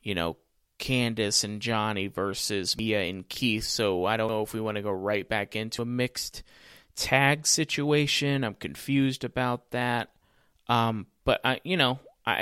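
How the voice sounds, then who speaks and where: A man talks through a wrestling broadcast in a relaxed commentary style, chatting straight to his viewers. His voice is smooth and resonant. The sound is dry and close. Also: on the low side, no echo. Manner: chatty, addresses viewers directly. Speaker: wrestling watch-along commentator. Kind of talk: casual live commentary.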